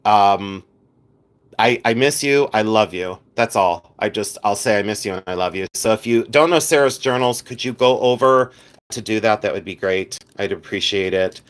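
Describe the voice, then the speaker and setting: A man's voice: on the low side, normal speed, clear, resonant tone. A man hosting a casual live stream, chatting playfully with viewers, reading out their comments and laughing often.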